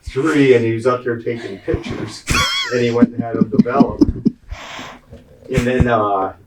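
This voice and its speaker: A man's voice: medium pitch, a little slow. A man telling a long, profane, rambling story in a casual podcast chat, chuckling as he goes. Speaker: racing guest telling a story. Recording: distant mic with clear background noise.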